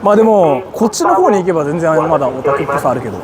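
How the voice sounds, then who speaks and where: A young man from Japan chatting casually on a livestream as he walks through city streets. He is excitable, swears a lot and bursts into shouts. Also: fairly high pitch, rapid-fire, over a noisy crowd. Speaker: streamer. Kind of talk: casual livestream chat while walking. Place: busy city street outdoors. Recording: street noise behind.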